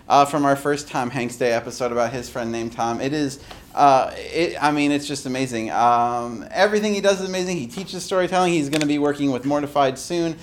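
A man hosting a live storytelling show, chatty and excited as he introduces acts. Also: on the high side, a little hiss or hum. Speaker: host.

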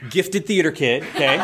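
Man, storyteller, slightly high voice, playful, theatrical, lively delivery. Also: noisy background. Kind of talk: live storytelling.

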